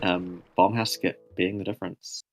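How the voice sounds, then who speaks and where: A man with a fairly low voice casually commentates a live speedrun race. He sounds laid-back and a little tired, laughing easily. Quiet music plays in the background. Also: flat delivery, normal speed.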